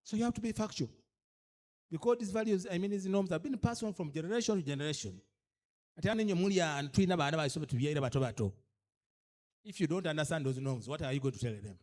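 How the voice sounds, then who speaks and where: A man's voice: on the high side, expressive, fast talker, darkish tone. A man with a Ugandan accent giving a training lecture to cultural leaders, emphatic and pressing them with repeated rhetorical questions, switching between English and a local language. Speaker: speaker at a cultural leaders' orientation.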